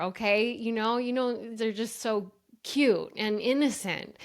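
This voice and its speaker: Earnest woman telling a personal story. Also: medium pitch. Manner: earnest, emotional, often addresses listeners as "you guys"; lively storyteller who acts out quoted dialogue. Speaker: podcast guest, brain coach.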